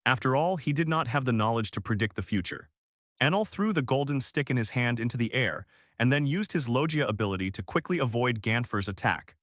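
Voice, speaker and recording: A man narrating an audiobook as scripted narration, reading in a flat, even way. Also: mid-range voice, a little fast, dry recording, studio quality.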